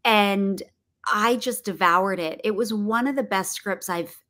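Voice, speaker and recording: A woman's voice: mid-range voice, a little slow, a bit bright. A middle-aged woman talking casually as an interview guest, chatty, with frequent fillers, restarts and laughs. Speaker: guest actress and producer.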